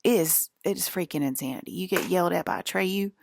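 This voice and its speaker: A fast-talking woman vlogger with a lowish, fry-tinged voice rants to camera, cursing emphatically and rambling, and keeps asking "okay?" after each point. There is slight background noise.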